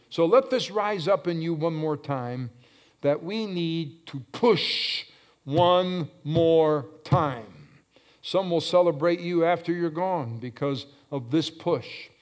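A man with a fairly high voice preaches with fervor. He swells to loud, drawn-out calls and drops to hushed low phrases, hammering key words over and over. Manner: repeats phrases for emphasis. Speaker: pastor. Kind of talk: sermon.

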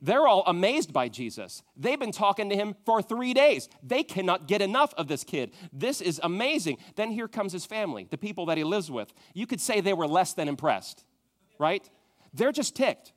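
A man preaching a sermon, moving from loud emphatic questions to a soft, hushed tone. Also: high voice, big pitch swings, moderate pace. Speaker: pastor.

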